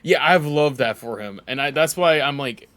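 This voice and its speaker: A man streaming a video game, chatting casually and reacting excitably, swearing when surprised. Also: a little high, normal speed. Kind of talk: casual gameplay commentary.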